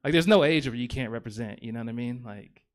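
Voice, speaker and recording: A man's voice: medium pitch, fast talker. A man in his thirties doing stand-up comedy on a theater stage, rambling and self-deprecating, with lots of fillers and restarts.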